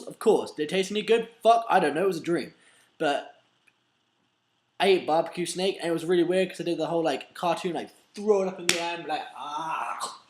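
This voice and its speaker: A man's voice: on the high side, darkish tone. Guy vlogger rambling on with a story, swears a lot, voice jumps all over. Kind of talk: casual comedic storytelling.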